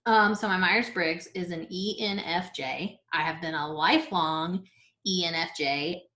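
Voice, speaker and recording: A woman's voice: lowish voice, unhurried, bright, forceful tone. Chatty woman in her thirties, echoey room. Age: 30s. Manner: chatty and giggly, trailing off with filler words. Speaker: vlog host being interviewed. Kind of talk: casual chat. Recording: roomy echo.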